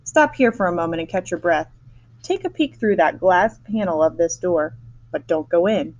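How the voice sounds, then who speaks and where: A woman voicing a brisk, eccentric male chocolate maker who hurries everyone along, reading a storybook aloud. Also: on the low side, expressive, a little mellow, dull audio. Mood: brisk cheer.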